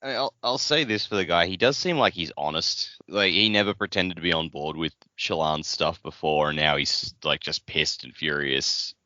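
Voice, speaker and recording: Deep, forceful man with blunt asides. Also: normal speed, few pauses, dry recording. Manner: dry, blunt remarks with casual swearing. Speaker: podcast co-host. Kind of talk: casual book-club chat. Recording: dry lo-fi audio.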